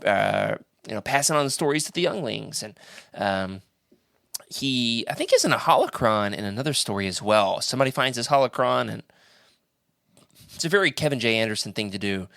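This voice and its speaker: A man's voice: mid-range voice, gravelly, clear, resonant tone, no echo, clean studio sound. A man hosting a casual podcast roundtable, playful and leading the discussion. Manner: animated, playful, leads the discussion. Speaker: podcast host.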